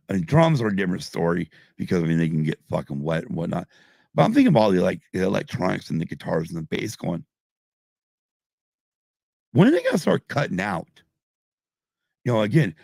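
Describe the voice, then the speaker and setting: A middle-aged man hosts a podcast live stream, drinking and getting tipsy as he rambles and swears constantly in casual chat. His low voice is creaky and a little mellow, recorded with studio quality and no echo.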